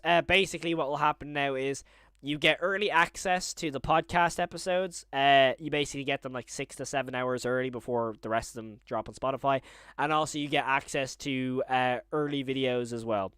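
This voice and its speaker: An excitable young man live-streaming a reaction, tripping over his words with constant restarts. His voice sits a little high for a man, and the sound is close and dry with no room around it. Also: dry recording. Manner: excitable, stammering with many restarts.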